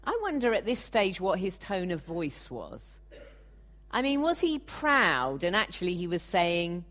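A woman preaching a sermon, earnest and measured, sometimes acting out the people she quotes. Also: mid-range voice, sing-song, a bit bright.

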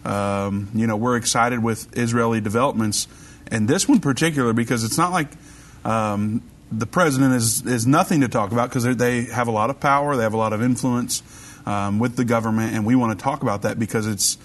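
Animated American male talk show host. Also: mid-range voice, brisk. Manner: animated, jokey, hesitant with fillers. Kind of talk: casual radio talk show chat.

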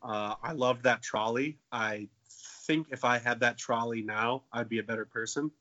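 A man's voice: mid-range voice, fairly even intonation, normal speed, pushed and bright, muffled recording. A man in his late twenties, joking and swearing in a casual comedic chat as a podcast co-host. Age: 20s. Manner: jokey, profane, playful.

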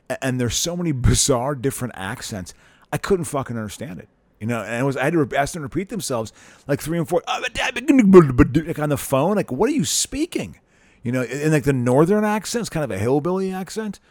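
A middle-aged man talks casually on a podcast, laughing easily as he tells his stories. His pitch swings widely and the voice sits dry and close to the mic. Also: a little fast, no room sound. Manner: laughs often, animated storytelling.

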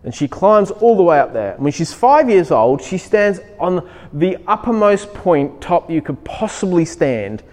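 A man's voice: high voice, sing-song, unhurried, a little mellow. A man preaching a sermon as pastor, telling stories with emphatic rising lines. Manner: storytelling, acts out child's voice, emphatic rises. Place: church hall. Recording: long reverb of a hall.

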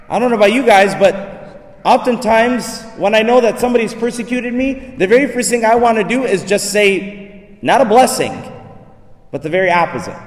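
A man preaching a sermon, telling a story and asking the listeners rhetorical questions. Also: sits high. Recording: echoey hall.

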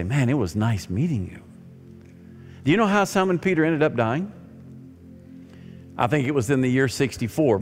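A man preaches in a large church with a long, ringing reverb, while faint music plays under him. He builds to loud, emphatic points and then drops to soft, hushed phrases. His voice sits at an ordinary middle pitch. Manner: dramatic, swings from loud emphasis to soft near-whispers. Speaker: pastor. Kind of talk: sermon.

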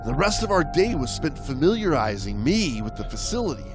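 A man hosting a comedy podcast, telling a story in an animated, laughing way. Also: a little high, fairly quick, over music. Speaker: podcast co-host.

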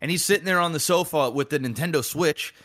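A man in his thirties co-hosting a casual podcast, who tells stories with a lot of energy, swears, and jumps to a high voice when he quotes people. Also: fast talker. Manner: animated storyteller, acts out quotes in a high voice, swears. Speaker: podcast co-host. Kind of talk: casual chat.

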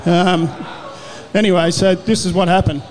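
An older Australian man with a notably high voice tells rambling stories from his playing days. He slips into the back-and-forth of old conversations as he goes, in an easy, casual way. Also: steady tone, moderate pace, in a large hall. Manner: rambling storyteller who acts out quoted exchanges. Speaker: former rugby league player, guest. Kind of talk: casual anecdote telling.

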